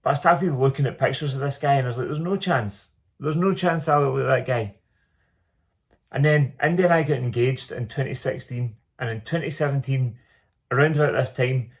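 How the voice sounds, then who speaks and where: Earnest man telling his story. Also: mid-range voice. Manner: earnest, repeats phrases for emphasis. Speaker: small business owner telling his story. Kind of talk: reflective personal storytelling monologue.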